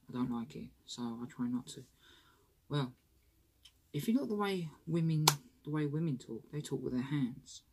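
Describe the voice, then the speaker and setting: A woman talks candidly to her camera in a vlog. Her voice is husky and mellow, and her chatty, rambling delivery is full of restarts and a self-conscious edge. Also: rumbling low. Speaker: vlogger. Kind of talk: candid personal vlog talk.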